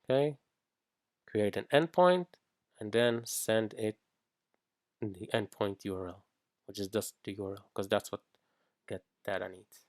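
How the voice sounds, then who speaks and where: A man's voice: on the low side, a little slow, long pauses, no echo, studio quality. A man walking through code in a screen-recorded programming tutorial, thinking aloud with frequent fillers and restarts. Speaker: iOS developer teaching.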